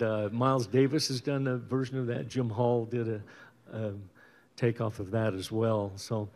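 A middle-aged man from Utah, a bandleader and guitarist, chatting casually between tunes at a concert in an easygoing, rambling way with many pauses and restarts. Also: medium pitch, darkish tone. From Utah, USA. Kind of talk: casual stage banter introducing a concert. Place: indoor concert stage.

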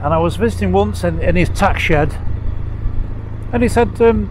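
A man's voice: high-pitched, moderate pace, low-quality recording. A middle-aged English man telling stories while riding a motorcycle, rambling along with many fillers and restarts. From England. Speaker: motorcycle vlogger. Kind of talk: casual ride narration. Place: outdoors riding a motorcycle sidecar on country roads. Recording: road and engine noise behind.

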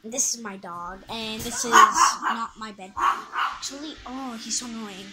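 A woman's voice: on the high side, measured pace. A woman vlogging a casual tour of her home, rambling and offhand, chatting to her pets along the way. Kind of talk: casual house-tour vlog. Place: at home, indoors. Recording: loud background noise.

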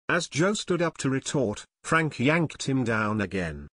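A man narrating an unabridged adventure audiobook in a steady, measured reading voice. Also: medium pitch, dry recording, clean studio sound. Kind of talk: scripted narration.

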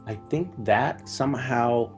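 A man's voice: mid-range voice, slow, a little mellow, faint music behind. A man in his forties, an actor, telling wry stories in an interview and acting out his own reactions. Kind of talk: anecdotal interview.

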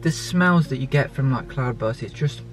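A man, chatting casually and jokingly outdoors by his car for a car accessory vlog. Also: moderate pace. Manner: excitable and jokey, with sudden high yelps. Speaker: car vlogger.

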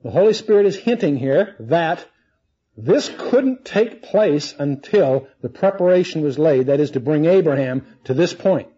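Mellow-voiced man teaching the Bible. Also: fairly high pitch, expressive, measured pace, breathy edge. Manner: conversational, asks the audience questions. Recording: dull lo-fi recording.

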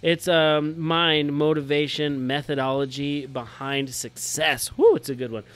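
A man's voice: a little high, fairly even intonation, a little slow, fairly bright tone. A young man co-hosting a casual podcast chat, rambling and joking with lots of fillers. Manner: rambling, filler-heavy, jokey. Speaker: podcast co-host.

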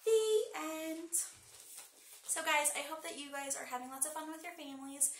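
A young woman with a high, bright voice reads a storybook aloud to children. She is cheerful and speaks to the kids directly. The room is echoey. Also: fairly even intonation, quick pace, a little hiss or hum. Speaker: school staff reading to pupils.

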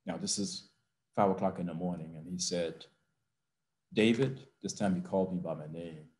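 Speaking from his office on a video call, an older university president shares a heartfelt personal story. His voice sits low with a darkish tone and fairly even intonation, and his slow, emotional telling rises toward rousing emphasis.

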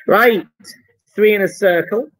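Playful higher-voiced male chemistry teacher. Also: a little slow, a bit bright, poor audio. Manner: playful, jokey asides while explaining. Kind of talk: online homework review lesson.

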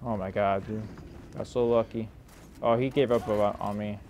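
A young man giving live commentary over his own gameplay, grumbling, swearing at teammates and putting himself down, with mumbled asides that break into sudden shouts. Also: on the low side, steady tone, normal speed, slight background noise. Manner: frustrated, self-deprecating, swears and mutters at teammates. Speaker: gaming YouTuber.

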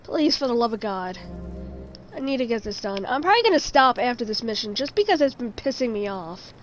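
A woman's voice: on the high side, animated, a little fast, faint music behind. A young woman giving live commentary while playing a video game, chatting with viewers and swearing in frustration.

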